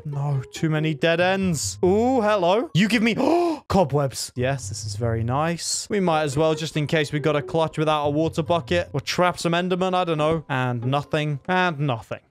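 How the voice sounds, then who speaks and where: A young man commentating a Minecraft challenge, excitable, talking to the game's creatures and yelping when things go wrong. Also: fairly high pitch, moderate pace, few pauses, faint music behind. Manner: excitable, talks to mobs, yelps in panic. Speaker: gaming YouTuber.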